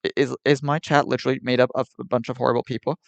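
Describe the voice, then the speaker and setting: Exasperated male streamer ranting at chat, mid-pitched, dry close sound. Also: level tone, very fast, gravelly, dry recording, dull audio. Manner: exasperated, argumentative, repetitive. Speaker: livestreamer.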